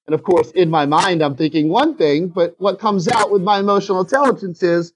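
A man's voice: high-pitched, normal speed, rough recording. A man with a South Louisiana accent, a realtor telling a story in a casual interview, acting out the phone calls as he goes.

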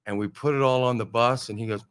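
A middle-aged man telling road stories in casual chat, animated and blunt, swearing and acting out what others said. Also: mid-range voice, fast, clean tone. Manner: animated, acts out quoted voices, swears.

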